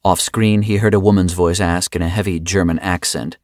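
A man with a very deep voice reading an audiobook in a grave, measured style. The recording is dry and close, with no room sound. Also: steady tone, darkish tone, no echo. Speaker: audiobook narrator. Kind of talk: scripted narration.

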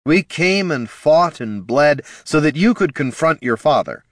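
A man voicing a passionate male bard who shouts and pleads in a high, urgent voice, recorded dry. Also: lively intonation, measured pace, no room sound. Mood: insistent.

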